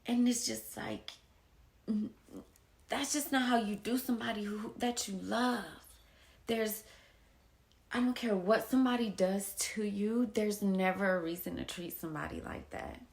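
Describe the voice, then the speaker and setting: A young adult woman talking casually and from the heart to her viewers, slow and reflective, with soft whispered asides. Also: medium pitch. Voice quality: gravelly vocal fry. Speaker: poet and painter sharing her story. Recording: echoey room.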